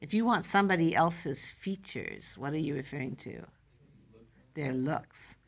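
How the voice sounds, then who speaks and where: A woman's voice: deep voice, lively intonation, measured pace, vocal fry. A woman teacher walking a class through a poem line by line, putting each line into plain everyday words. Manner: explains line by line, paraphrasing in plain everyday speech. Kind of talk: classroom lesson explaining poetry.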